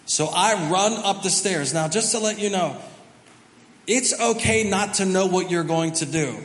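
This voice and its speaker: A man, the pastor, telling a family story during a sermon, animated and self-mocking. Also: sits high, measured pace. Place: large church auditorium. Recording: reverberant hall, faint background noise.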